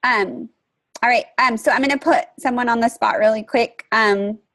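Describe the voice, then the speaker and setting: A woman's voice: fairly high pitch, normal speed, fairly bright tone, dry recording. A woman coaching her team on a group call, chatty and upbeat, with many fillers and restarts. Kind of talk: casual conference call.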